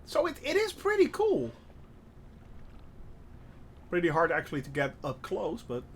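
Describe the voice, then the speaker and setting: A man streaming a flight simulator, chatting through his flight with lots of fillers and bursts of excitement. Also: high voice, a little slow, a little hiss or hum. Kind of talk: live gameplay commentary.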